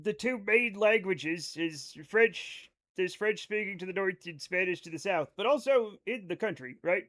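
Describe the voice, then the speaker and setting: A man's voice: high voice, animated, moderate pace, fairly bright tone. An American man in his thirties streaming a game live, joking casually and reading chat aloud. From United States. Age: 30s. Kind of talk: casual chat while gaming.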